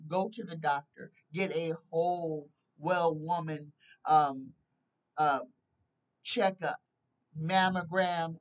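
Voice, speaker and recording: Woman, tarot reader, unhurried, earnest and pleading, reads card words aloud, set back from the mic. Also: lowish voice, distant mic, rough recording. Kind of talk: live tarot reading.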